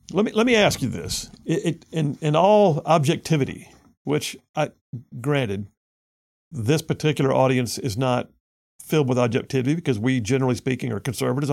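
Man, gravelly voice, talk radio host, opinionated, conversational. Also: medium pitch, a little mellow. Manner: opinionated, conversational, frequent restarts. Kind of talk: conservative talk radio, reading listener messages.

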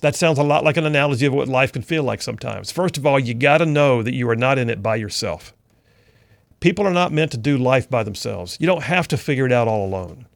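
A man's voice: medium pitch, vocal fry, no room sound. A middle-aged man hosting a talk radio show, telling an army story in an earnest, folksy way that turns preacher-like. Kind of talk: storytelling commentary.

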